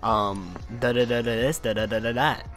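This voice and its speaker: A man's voice: medium pitch, steady tone, moderate pace. A young man hosting a casual podcast chat, rambling and swearing, laughing often. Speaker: podcast host. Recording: faint music behind the talk. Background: faint music.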